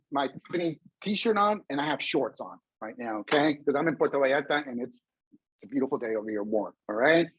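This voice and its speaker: Guy coaching job seekers on a video call, bit husky, dry close sound, keeps calling everyone folks. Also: a little high, dry recording, highs cut off. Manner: energetic, addresses the audience as folks, acts out dialogue; speaks standing up. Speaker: webinar presenter and career coach. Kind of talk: motivational webinar talk. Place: indoors, a vacation spot.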